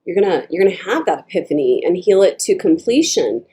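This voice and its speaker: A woman's voice: on the low side, sing-song, quick pace, dark tone. A woman giving a casual tarot reading to her viewers, chatty and digressive, laughing often and slipping into little acted-out voices. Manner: acts out quoted speech in shifting voices. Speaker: tarot reader.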